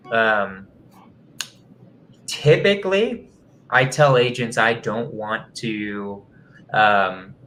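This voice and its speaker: A man's voice: on the low side, fairly bright tone, a little hiss or hum, poor audio. A man coaching real estate wholesaling in a rambling, chatty way, often laughing at himself. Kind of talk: casual live-stream teaching.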